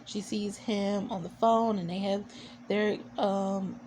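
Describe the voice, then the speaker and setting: A woman's voice: mid-range voice, steady tone, slow, a little mellow, a little hiss or hum. A woman recapping a TV episode in a casual vlog, chatty and opinionated, with sassy asides and lots of fillers. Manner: chatty, full of "you know" and fillers. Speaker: TV show reviewer.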